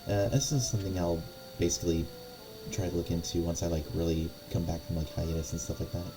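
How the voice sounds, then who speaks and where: A man's voice: sits low, steady tone, quick pace, music in the background. A man running a tabletop game on a live stream, chatting casually with many fillers and small laughs. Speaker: game master.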